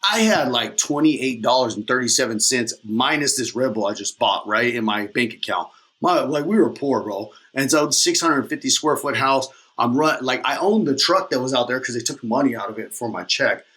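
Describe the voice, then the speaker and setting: A man in his thirties, a podcast guest, telling his story in a casual, energetic, rambling way with slang. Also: mid-range voice, moderate pace.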